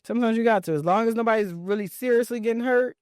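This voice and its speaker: A woman's voice: on the high side, fast talker, a little mellow, no echo. A woman co-hosting a podcast in casual chat, backing up her friend with short agreeing comments. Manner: supportive, chimes in with short agreements. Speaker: podcast co-host.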